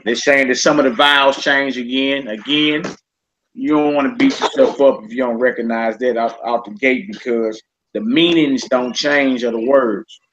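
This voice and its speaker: A man teaching a class, reading from a book and explaining slowly, repeating each word and often asking "all right?". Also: mid-range voice, fairly even intonation. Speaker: Hebrew teacher. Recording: muffled lo-fi class recording with faint noise.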